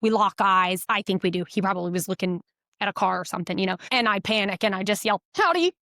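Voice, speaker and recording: A woman co-hosting a podcast in casual chat, telling quick, animated anecdotes and poking fun at herself. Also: medium pitch, dry recording, studio quality. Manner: animated, quick anecdotes with playful self-mockery. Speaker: podcast co-host.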